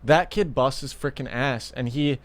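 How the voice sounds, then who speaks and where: A man's voice: medium pitch, moderate pace, no room sound. A man co-hosting a podcast in casual chat. He talks emphatically, swears, and backs up his friend. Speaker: podcast co-host.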